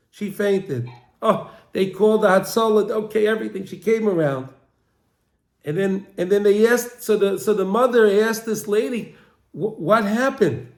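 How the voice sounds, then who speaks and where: A man who teaches religion, telling a long story in a halting way and repeating phrases again and again. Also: high-pitched. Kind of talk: storytelling lesson. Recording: roomy echo.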